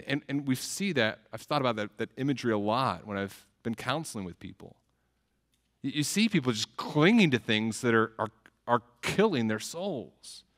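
A man's voice: medium pitch, expressive, moderate pace, fairly bright tone. A man preaching a sermon as a pastor, earnest, often repeating words as he starts phrases.

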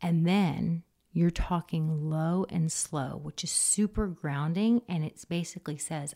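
A woman giving parenting advice in casual conversation, animated and often acting out soft, low quoted voices. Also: unhurried, hardly any pauses. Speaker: parenting expert.

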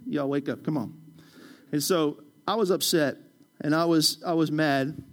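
High-voiced pastor preaching conversationally. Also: male voice, fairly even intonation, unhurried. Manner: conversational, storytelling, joking with the congregation. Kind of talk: sermon.

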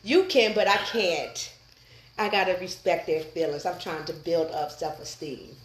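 A woman's voice: on the low side, measured pace, echoey room, slight background noise, poor audio. A woman who runs a massage business, a guest on a podcast, chatting in an easygoing way and laughing often. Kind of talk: casual podcast interview.

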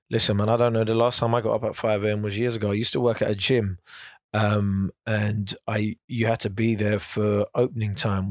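A man's voice: lowish voice, no echo. Chatty young man, dry sound. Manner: chatty and animated, with slang and mock voices. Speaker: podcast host. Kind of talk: casual solo podcast chat.

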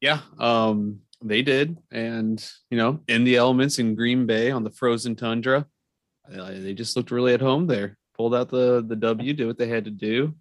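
A man co-hosting a casual sports podcast, giving blunt and slightly halting opinions. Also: medium pitch, dry recording. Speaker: podcast co-host.

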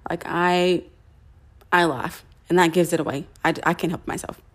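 Young woman, lowish voice, rambling chatty storytelling w lots of "you know". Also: steady tone, moderate pace. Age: young adult. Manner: chatty, many fillers and restarts. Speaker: podcast host. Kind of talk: personal storytelling to listeners.

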